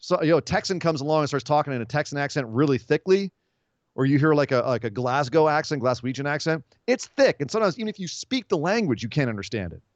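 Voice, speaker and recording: A man co-hosting a casual wrestling podcast, talking in long, animated, rambling explanations full of asides. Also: fairly high pitch, fast, no echo, muffled recording. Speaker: podcast co-host.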